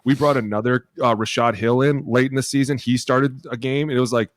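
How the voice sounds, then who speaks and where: A man's voice: mid-range voice, brisk, no echo, clean studio sound. A man co-hosting a podcast in casual chat, telling blunt, profane stories about his playing days with an American accent. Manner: blunt, profane, animated storytelling. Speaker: podcast co-host, former NFL offensive lineman.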